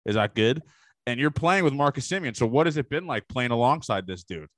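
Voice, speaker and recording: A man's voice: medium pitch, expressive, fairly quick, no echo. A man hosting a casual interview, asking eager, rambling questions. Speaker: podcast host.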